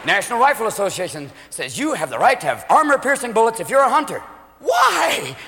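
A male stand-up comedian doing an animated, rapid-fire routine in a live venue, slipping in and out of voices. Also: high-pitched. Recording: live club mic, echoing hall, crowd.

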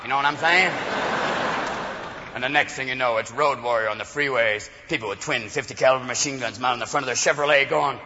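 A man doing a rapid, ranting stand-up routine on a club stage, slipping into voices and shouts. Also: mid-range voice, long reverb tail. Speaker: stand-up comedian. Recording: dull live club recording, audience noise.

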